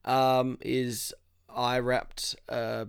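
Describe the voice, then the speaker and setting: A man co-hosting a film podcast in relaxed, casual chat, often pausing with fillers. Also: mid-range voice, gravelly, clean tone. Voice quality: relaxed, hesitant with many fillers. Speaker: podcast co-host.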